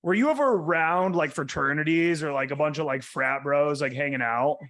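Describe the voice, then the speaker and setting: Man, young adult, blunt, profane, emphatic, podcast host, a bit high-pitched. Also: normal speed, fairly bright tone. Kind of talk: casual podcast talk.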